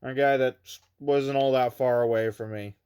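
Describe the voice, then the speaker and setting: A man's voice: medium pitch, steady tone, normal speed, a little mellow, smooth. A man casually reviewing his toy collection at home, rambling and hesitant, with frequent fillers and restarts.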